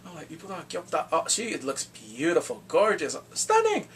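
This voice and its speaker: Man, casual drama reviewer, lively swings in pitch, a bit off-mic with faint background hiss; excitable recapper. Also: normal speed, recorded from a distance. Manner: animated, acts out reactions with whoops and exclamations.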